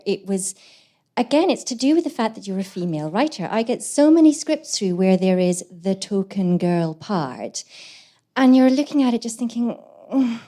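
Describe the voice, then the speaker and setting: A woman, guest co-host and actress, telling a comic story live on stage in an animated, sweary way. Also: medium pitch. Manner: animated, sweary, breathless with laughter. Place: live stage show in a London venue.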